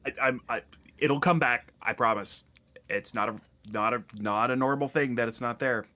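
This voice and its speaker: A man's voice: mid-range voice, normal speed, pushed and bright. A man playing a tabletop game, talking in character, stammering and wry. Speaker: player. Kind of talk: casual tabletop banter, in character.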